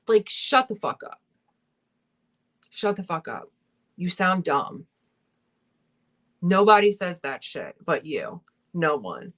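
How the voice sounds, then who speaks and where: A woman's voice: mid-range voice, expressive, slow pace, long pauses. A young woman hosting a casual makeup livestream, talking bluntly and heatedly with plenty of swearing. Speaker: beauty vlogger hosting a livestream. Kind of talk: casual livestream chat while doing makeup.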